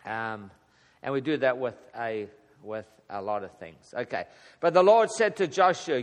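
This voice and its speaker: A man's voice: mid-range voice, animated, slow, pauses often. A man teaching a casual Bible study to a small group, chuckling often and acting out the prayers he quotes. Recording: long hall reverb.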